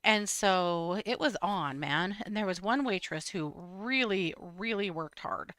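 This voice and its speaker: A woman's voice: medium pitch, measured pace, fairly bright tone, no room sound, clean studio sound. A woman co-hosting a casual true crime chat show, telling stories in a wry way. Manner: storytelling, wry, frequent "mm-hmm". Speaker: podcast co-host.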